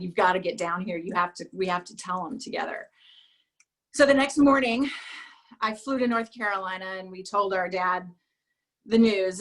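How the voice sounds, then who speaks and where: A woman giving a talk, telling a personal story in an emotional, halting way and dropping to a hush at the saddest parts. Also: mid-range voice. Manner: emotional, halting, drops to a hush at sad moments. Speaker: speaker at a business event.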